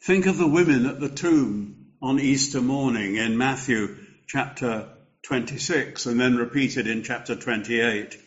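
Older male preacher, mid-pitched, unhurried, emphatic delivery, muffled recording. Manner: slow, measured preaching with emphatic rises. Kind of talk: sermon.

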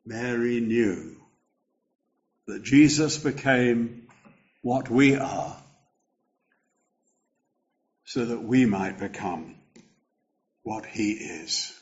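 An older man preaching a sermon, slow and measured, lifting his voice for emphasis. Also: medium pitch, expressive, dull audio.

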